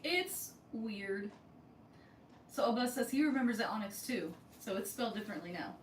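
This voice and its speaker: A woman's voice: medium pitch, lively intonation, moderate pace. A woman co-hosting a casual podcast chat, telling stories and acting out the dialogue. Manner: chatty storyteller acting out quoted dialogue. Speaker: co-host of a theme park vlog channel. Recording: echoey room, mic far off, faint noise.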